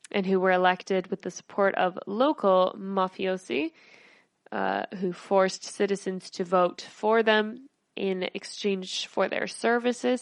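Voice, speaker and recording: A woman's voice: mid-range voice, gravelly, no room sound. A woman podcast host reading news stories aloud, her speech slightly slurred.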